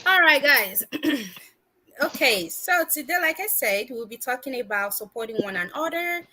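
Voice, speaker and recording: A woman with a high, bright voice hosts a casual livestream, speaking through earphones and a laptop. She is upbeat and chatty, greeting viewers one by one and laughing often. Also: expressive, moderate pace. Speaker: livestream host. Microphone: wireless earphones and laptop.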